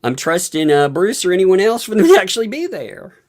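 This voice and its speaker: Male live-stream commentator, lively pitch swings, profane, exasperated rants, laughs often. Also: brisk.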